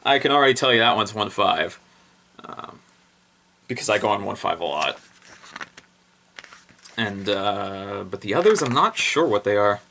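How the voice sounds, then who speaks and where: A young man giving a casual, unscripted review, rambling and excitable, with lots of fillers and self-corrections. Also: fairly low pitch, a little slow, pauses often, a little hiss or hum. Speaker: product reviewer.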